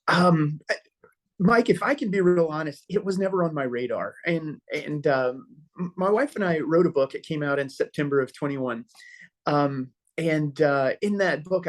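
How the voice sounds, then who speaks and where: A middle-aged man, a pastor guest on a podcast, telling stories casually and acting out quoted dialogue with many filler pauses. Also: fairly high pitch. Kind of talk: casual storytelling conversation.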